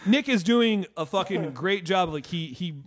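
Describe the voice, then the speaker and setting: Slightly high-voiced rambling podcast host. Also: male voice, lively intonation, measured pace, a crowd in the background. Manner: rambling, crude and profane. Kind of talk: casual podcast chat.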